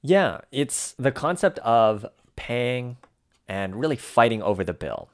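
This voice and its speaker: A man co-hosting a language lesson podcast, explaining words casually with relaxed, musing asides. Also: medium pitch, slow, dry recording. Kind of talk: casual teaching banter.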